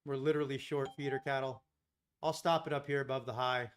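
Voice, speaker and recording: A man's voice: medium pitch, steady tone, a little fast, clean tone. A man hosting a live day-trading stream, thinking aloud through his trades and chatting with viewers. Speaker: day trading livestream host.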